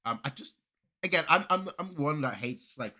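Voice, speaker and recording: Bright-voiced excitable reaction host. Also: male voice, a little high, moderate pace. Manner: excitable, rambling, full of fillers and restarts. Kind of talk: casual commentary reacting to a video.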